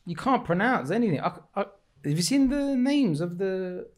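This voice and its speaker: A man's voice: high voice, big pitch swings, normal speed. A man on a podcast, joking and bantering in a casual chat with friends. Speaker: podcast guest.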